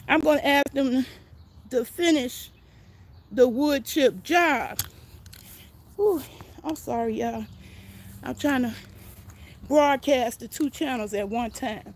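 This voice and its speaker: An older woman, out of breath, chatting folksily as she walks viewers through her backyard garden outdoors on a phone. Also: sits high. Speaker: gardening vlogger. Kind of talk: casual walking garden tour.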